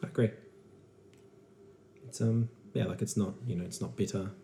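A man co-hosting a casual beer-review podcast, telling stories in a rambling, animated way. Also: lowish voice, normal speed, gravelly, slight background noise. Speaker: podcast co-host.

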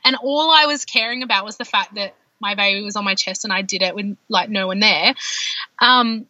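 A woman, a podcast guest telling her personal birth story in an animated way, full of fillers. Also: medium pitch, normal speed, dry recording. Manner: animated, heavy use of filler words. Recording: dull lo-fi dry sound.

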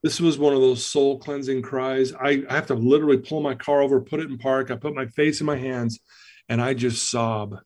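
A man's voice: medium pitch, steady tone, brisk, a little mellow. A man as a podcast guest, telling a personal story in an earnest, emotional way. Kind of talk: storytelling in an interview.

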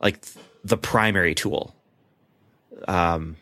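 A man's voice: sits low, takes it slowly, bright, forceful tone, no room sound. A man hosting a podcast in casual chat, talking in a loose way with frequent laughs and filler words. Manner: chatty, laughs often, many fillers and restarts. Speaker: podcast host.

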